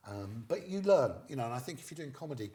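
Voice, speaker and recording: A middle-aged man, a guest comedian, telling stage anecdotes in an interview as a lively storyteller who acts out quoted lines. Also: mid-range voice, quick pace.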